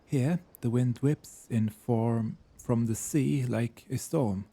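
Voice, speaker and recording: Guy doing a french-accented god in mortal form, all formal and old-timey, dark husky voice. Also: medium pitch, slow. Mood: earnest. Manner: formal, archaic and courteous speech. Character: gentle male god traveling in mortal form. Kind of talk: reading game dialogue aloud.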